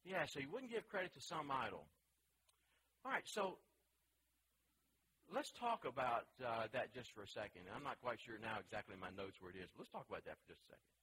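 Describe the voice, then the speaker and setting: A man's voice: medium pitch, animated, brisk, bright, forceful tone, slight background noise, low-quality recording. A man teaching a Bible study class, reading scripture aloud and then asking the group questions about it.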